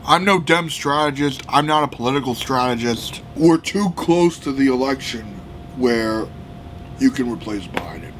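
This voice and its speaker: A man's voice: medium pitch, animated, moderate pace, slight background noise. Heated, profane man ranting. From United States. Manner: heated, profane, frequently shouting. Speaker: political vlogger. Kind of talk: ranting political commentary.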